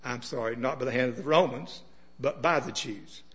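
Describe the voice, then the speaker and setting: A man's voice: medium pitch, moderate pace, a bit bright. A man preaching a sermon in a conversational way, often putting questions to his listeners.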